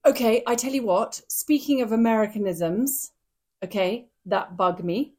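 A woman co-hosting a casual podcast chat, giggly, self-deprecating and quick to agree. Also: on the high side, darkish tone. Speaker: podcast co-host.

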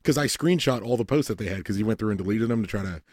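A man's voice: fairly low pitch, very fast, dry recording, studio quality. A man telling a rambling, profane story in casual chat, often quoting people in put-on voices. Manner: rambling storytelling, heavy swearing, animated quoted voices. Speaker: podcast host.

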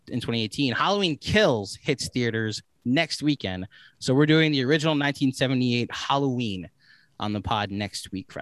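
Guy on a podcast going on about movies, bright forceful voice, dry close sound. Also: medium pitch, smooth, no echo. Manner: enthusiastic, rambling with fillers. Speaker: guest, movie podcast host. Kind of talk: casual podcast chat.

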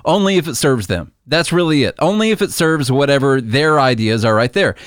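A man's voice: mid-range voice, expressive, fairly quick, clear, resonant tone, no echo, clean studio sound. A man co-hosting a political talk show, speaking in an earnest, exasperated way. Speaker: podcast co-host. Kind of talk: political commentary chat.

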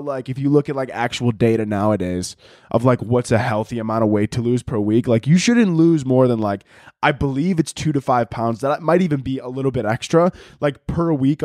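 A man's voice: fairly high pitch, a little mellow, no echo, clean studio sound. A young man hosting a podcast, ranting in a casual comedic monologue, laughing often, swearing and mocking people in quoted voices. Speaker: podcast host.

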